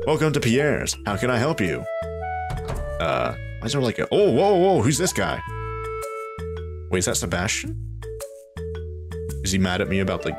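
A man giving casual let's play commentary, thinking aloud and getting excited at surprises. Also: medium pitch. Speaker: gameplay commentator.

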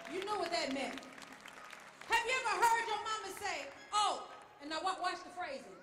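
Lively lady preacher, kinda high voice, roomy sound w/ the congregation behind her. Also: normal speed, crowd noise. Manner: playful, call-and-response, imitating mothers. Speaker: minister. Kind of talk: lively church address to congregation. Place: large church sanctuary. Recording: echoey hall, congregation noise.

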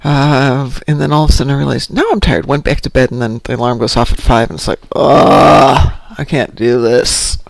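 A man's voice: mid-range voice, steady tone, quick pace, vocal fry, few pauses, dry recording. A middle-aged man hosting a casual morning show, rambling and poking fun at himself. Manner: rambling and self-mocking.

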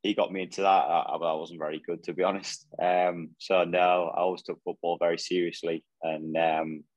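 The guest is a footballer in his twenties from Northumberland, England, giving modest, hesitant answers with many fillers in a relaxed interview. He has a low voice, and the recording has no echo and cut-off highs.

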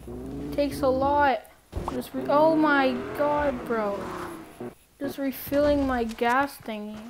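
Gaming creator, woman, high voice, easygoing pace, excitable play-by-play over noisy game sound. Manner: excitable, quick exclamations. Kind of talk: playful gameplay commentary.

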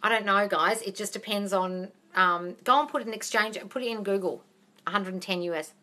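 A woman's voice: mid-range voice, fairly quick, pushed and bright. Blunt, sweary Australian woman. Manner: blunt and sweary, calls everyone darling. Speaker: manifesting coach hosting a live Q&A. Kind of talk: casual live Q&A.

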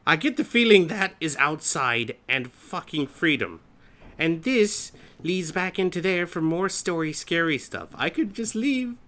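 A man's voice: a little high, expressive, unhurried, sharp tone. A man hosting a horror game let's play, nervous and jumpy, swearing often and cracking self-mocking jokes.

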